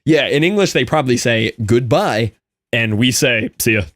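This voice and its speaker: A man's voice: mid-range voice, animated, normal speed, no echo. Easygoing young American man, dry mic. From United States. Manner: rambling, explains things loosely with many "like"s. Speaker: gaming streamer. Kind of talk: casual chat while gaming.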